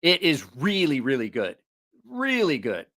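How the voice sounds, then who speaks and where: Bright-voiced man hosting a casual livestream. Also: a little high, huge pitch swings, a little slow. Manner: rambling, self-correcting, jokey. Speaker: knife channel livestream host.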